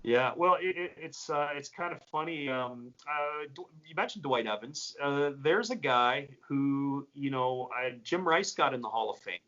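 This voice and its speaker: A man's voice: medium pitch, expressive, normal speed, sharp tone. A man hosting a casual interview, hesitant and full of uhs and ums. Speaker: interview host. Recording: dull lo-fi audio.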